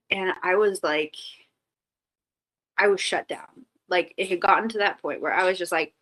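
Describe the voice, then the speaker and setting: Woman guest on a chat show, slightly low voice, chatty and candid, heavy on "like" fillers. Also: measured pace, pauses often, fairly bright tone, rough recording. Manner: chatty, full of "like" fillers and restarts; candid and reflective. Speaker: podcast guest. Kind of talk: casual storytelling in an interview.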